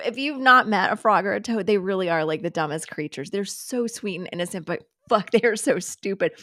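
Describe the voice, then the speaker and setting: A woman's voice: mid-range voice, brisk, hardly any pauses, fairly bright tone, no room sound, studio quality. A woman hosting a live stream, chatting casually, giggling and swearing freely as she reacts to clips. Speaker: host.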